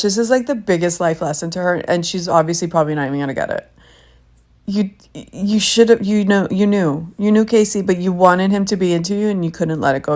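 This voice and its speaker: A woman hosting a podcast, giving a blunt, opinionated and exasperated casual recap of a reality TV show. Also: mid-range voice. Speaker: podcast host.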